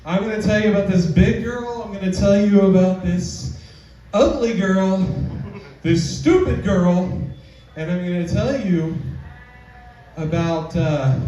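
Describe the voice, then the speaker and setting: A man performing a live stand-up comedy set, telling stories in a slow, drawn-out way and switching into high, squealing voices when he quotes the women. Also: mellow, a little hiss or hum. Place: small comedy club stage. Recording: distant mic in an echoey club.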